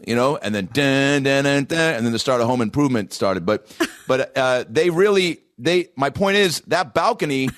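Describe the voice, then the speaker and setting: A man co-hosting a podcast, telling profane, animated anecdotes in casual chat. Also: medium pitch, moderate pace, no room sound, clean studio sound. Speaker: podcast co-host.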